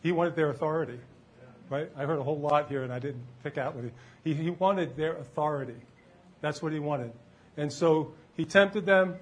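Higher-voiced man preaching a conversational sermon. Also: normal speed. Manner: conversational, quizzes the congregation with questions. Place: church before a live congregation.

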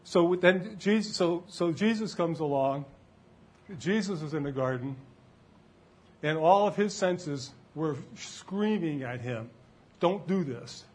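Higher-voiced man preaching a conversational sermon. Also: lively intonation, takes it slowly, breathy edge. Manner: conversational, quizzes the congregation with questions. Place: church before a live congregation.

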